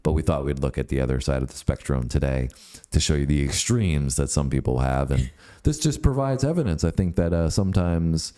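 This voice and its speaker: A man's voice: a bass voice, animated, a little fast, mellow. A Canadian man co-hosting a casual chat, joking and rambling as he reacts to comments. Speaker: co-host.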